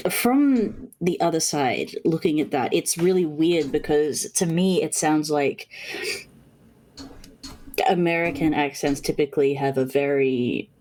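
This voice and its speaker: A woman with an Australian accent chatting casually on a live stream, careful and halting, often restarting her sentences. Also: low-pitched, darkish tone, low-quality recording.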